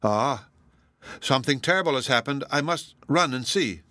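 A gentle young woman, voiced by a man reading an audiobook, speaks in a raised, trembling voice. She pleads with fear in a dry, close recording. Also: mid-range voice, animated, normal speed, no room sound, voice pushed up. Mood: alarmed.

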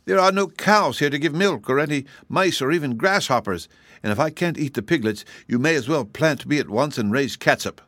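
A man's voice: high-pitched, very animated, moderate pace, few pauses, dry recording, studio quality, voice pushed up, full character voice. A man voicing a whiny, hungry little female kitten in an audiobook reading, pleading and wailing.

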